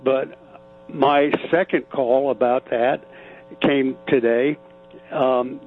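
A man calling in to a radio show, talking haltingly with many fillers and repeats. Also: medium pitch, fairly even intonation, soft background music. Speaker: caller. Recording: tinny phone line with hum.

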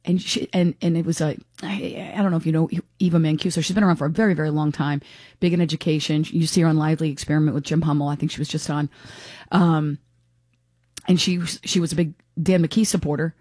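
A woman's voice: low-pitched, steady tone, fast, warm tone, no room sound, studio quality. A woman hosting a talk radio show, chatting frankly and giving her opinions in a casual, unscripted way. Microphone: studio microphone.

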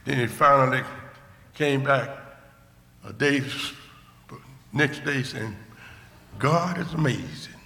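An older man preaching a sermon testimony, swinging from emphatic shouts to low murmurs, recorded in a church. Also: slow, vocal fry, pauses often, a little hiss or hum. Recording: echoey hall with long reverb.

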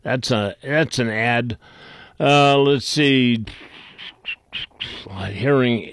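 Blunt, gruff radio talk show host man. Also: mid-range voice, fairly bright tone, no room sound. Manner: rambling with restarts, reads items aloud. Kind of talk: casual call-in radio talk.

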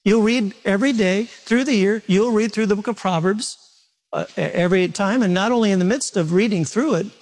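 A man's voice: high voice, a little mellow. A man preaching a sermon to a congregation, talking to them directly with questions and joking about himself. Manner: self-mocking humorous asides. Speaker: pastor. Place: church service before a congregation.

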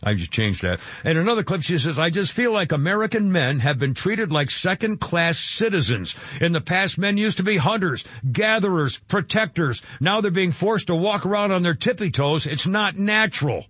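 Halting older man on talk radio. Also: sits high, big pitch swings, fairly bright tone, dry recording. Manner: rambling, halting, many restarts and fillers. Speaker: radio talk show host. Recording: dry, slightly dull radio studio sound.

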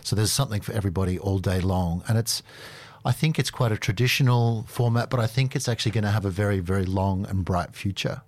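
A man's voice: fairly low pitch, fast, hardly any pauses, no echo. A man answering questions as a guest in a radio studio, earnest and enthusiastic. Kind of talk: interview answers.

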